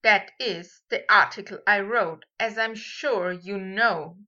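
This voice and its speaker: Woman doing a stiff, sharp-tongued young man, audiobook, slow and bright. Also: medium pitch, lo-fi sound. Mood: irritated. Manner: flat, stiff delivery.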